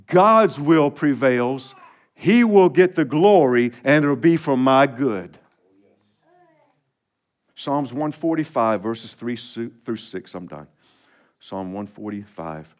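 A man preaching a sermon with a slightly higher-than-usual voice. He reads scripture aloud and leads his listeners to repeat verses with him. He builds his points through emphatic repeated refrains. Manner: preaching with rising, emphatic repetition. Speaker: pastor.

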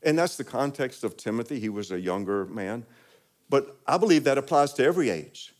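A man's voice: medium pitch, animated, fairly quick. A man preaching a sermon, leading the congregation in call-and-response and building to emphatic peaks. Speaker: pastor.

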